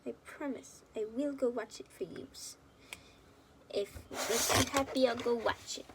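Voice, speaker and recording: A woman's voice: a little high, steady tone, moderate pace, very noisy. A young woman rambling and giggling affectionately as she chats casually to her viewers at home. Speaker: fan video creator.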